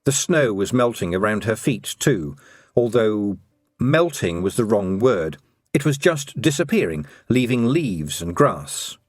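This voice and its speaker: A man narrating an audiobook in an expressive storytelling manner. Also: on the low side, a little slow, no room sound, clean studio sound, faint music behind.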